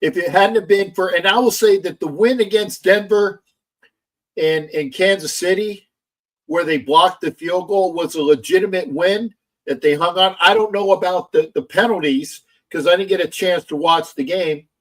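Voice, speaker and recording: Loud gloating man hosting a sports livestream. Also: high voice, moderate pace. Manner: loud, gloating, profane, repetitive. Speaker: livestream host. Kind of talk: casual sports livestream chat.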